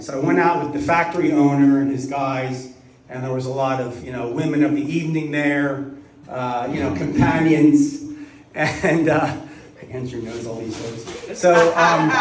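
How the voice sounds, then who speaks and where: Rambling man telling jokes in a roomy space. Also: fairly high pitch. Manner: rambling, chuckling storyteller. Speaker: party guest telling jokes. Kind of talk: stand-up joke telling at a party. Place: studio party room. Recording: roomy sound from a distant mic.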